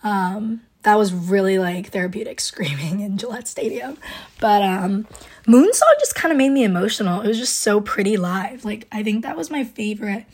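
A woman's voice: medium pitch, animated, moderate pace, a little mellow, slightly rough. A young woman hosting a podcast, gushing and rambling in casual fan chat, full of likes and ums. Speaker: podcast host.

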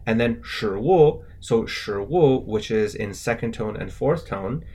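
A man's voice: mid-range voice, lively intonation, normal speed, dark tone, husky. A man co-hosting a language lesson, explaining word by word and spelling out the tones in a methodical, scripted way.

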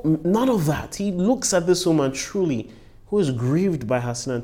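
Delivering a devotional Bible lesson, this preacher and podcast host has a fairly high, expressive, mellow voice and speaks at a normal pace. He is earnest, stresses key phrases by repeating them, and slips in brief words of praise between ideas.

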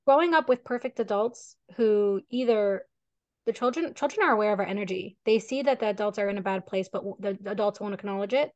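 A woman's voice: mid-range voice, fast talker, a little mellow, no echo, lo-fi sound. Parenting co-host, woman, earnest and reflective, dry close sound over a call. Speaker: parenting coach and podcast co-host. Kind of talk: casual conversation over a video call. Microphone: video call.

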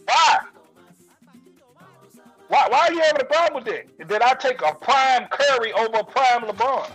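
A male podcast co-host in a heated sports debate, loud, emphatic and trash-talking. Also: very high-pitched, expressive, moderate pace, husky, faint music behind, low-quality recording.

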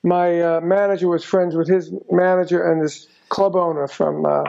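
An older man telling stories as an interview guest, rambling and filling every pause with "you know". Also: a little high, level tone, vocal fry, warm tone. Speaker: guest musician. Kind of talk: casual storytelling interview. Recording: dull lo-fi recording.

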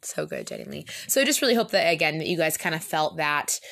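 A young woman co-hosting a casual faith podcast, chatty and animated, leaning on "like" and acting out little quotes. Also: low voice, quick pace, gravelly. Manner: chatty, animated, says "like" a lot, acts out quotes. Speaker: podcast co-host.

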